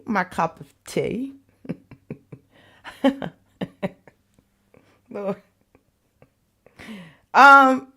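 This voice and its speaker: Laughing, slow-talking woman livestream host. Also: mid-range voice, a bit bright. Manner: laughs often, playful and loose, calls viewers y'all and baby. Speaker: online commentary show host. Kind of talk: casual livestream chat with viewers.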